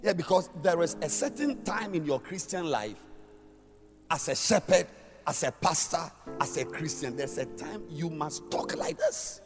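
A man preaching a sermon as a pastor. He talks emphatically in a sing-song cadence and swings from shouts down to near-murmurs. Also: a little high, sing-song, a little slow. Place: church hall. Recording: long hall reverb with faint music.

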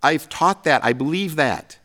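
A middle-aged pastor preaching a sermon, telling stories with self-deprecating humor. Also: male voice, a little high, animated, measured pace, pushed and bright.

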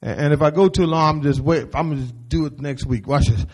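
A man preaching a sermon, animated and folksy, with quick asides to the congregation and acted-out quotes. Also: on the high side, husky. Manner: acts out voices of the people he quotes. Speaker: pastor.

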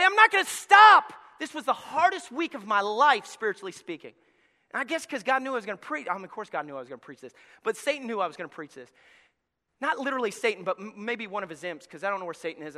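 A man preaching a sermon as pastor, telling the story with acted-out voices, going from quiet asides to loud shouts. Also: extremely high pitch. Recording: long hall reverb.

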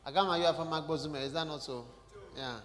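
A man's voice: fairly high pitch, fast, a bit bright. A man preaching a sermon, talking conversationally and putting questions directly to the congregation in a church hall.

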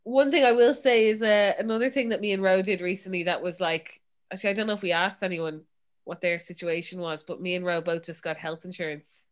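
A young Irish woman co-hosting a chatty podcast, telling animated stories and mimicking her dad. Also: lowish voice, brisk. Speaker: podcast co-host. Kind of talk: casual chat.

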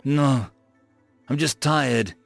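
A man voicing a weary, reserved young woman who answers in short, flat replies. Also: medium pitch, drawn-out words, gravelly, no echo, faint music behind, full character voice.

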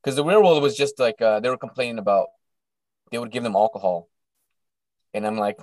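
A man co-hosting a casual podcast, rambling and often clearing his throat. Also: medium pitch, a little fast, long pauses, a little mellow, no room sound. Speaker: podcast co-host. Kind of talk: casual chat.

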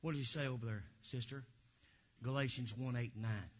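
A male pastor preaching a sermon in a church, animated and joking with the congregation, breaking into shouts, on a dull lo-fi recording. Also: medium pitch, moderate pace.

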